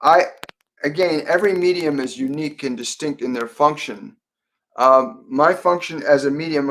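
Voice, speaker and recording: A man hosting a live-stream Q&A as a psychic medium, talking softly and meanderingly with many fillers and restarts. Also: medium pitch. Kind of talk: live-stream Q&A, relaying spirit messages.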